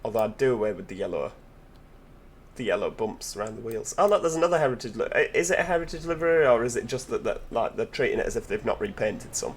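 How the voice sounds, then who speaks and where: A man commentates on a driving game in a relaxed, enthusiastic chat, tossing in rhetorical questions and asides to passengers. His pitch sits mid-range for a man. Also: quick pace, a little hiss or hum. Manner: enthusiastic, chatty, full of tag questions. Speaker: gaming channel host. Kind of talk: gameplay commentary.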